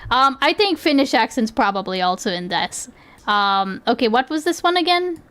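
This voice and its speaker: A woman's voice: a little high, big pitch swings, moderate pace, fairly bright tone. A young woman streaming, chatting casually as she reacts to clips, laughing often and asking "okay?" a lot.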